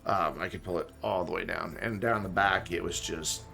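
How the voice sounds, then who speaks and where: A man's voice: deep voice, fairly even intonation, normal speed, gravelly, pushed and bright, faint music behind. A man streaming a game live, chatting loosely and reading chat aloud. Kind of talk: casual live-stream chat while gaming. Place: home room with background music. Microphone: desk mic and webcam.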